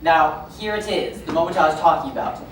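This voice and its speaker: Brief: woman playing lonely obsessive fan of musicals, low, chatty, wistful; stage recording from afar. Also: fairly quick, close to an everyday voice. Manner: chatty asides, wistful and rambling. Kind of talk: amateur stage musical acting. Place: theatre stage. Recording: echoey hall, mic far from stage, noisy.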